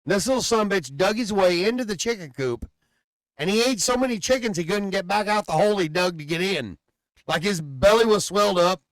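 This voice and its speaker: Higher-voiced man telling profane stories. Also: a little fast, dry recording. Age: adult father. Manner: profane, animated rambling storyteller. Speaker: podcast co-host. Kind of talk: casual chat, storytelling.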